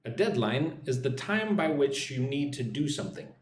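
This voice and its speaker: Indoors in Vietnam, an American man hosts a live English lesson, having viewers drill phrases while he reads their comments and asks "right?" along the way. His medium-pitched voice is animated at a moderate pace, and the recording sounds roomy.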